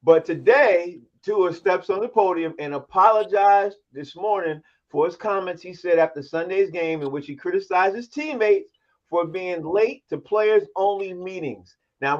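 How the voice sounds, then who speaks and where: A man's voice: high-pitched, moderate pace. A man hosting a casual sports talk panel, steering the talk and calling on each guest by name. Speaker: host. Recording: dull lo-fi audio.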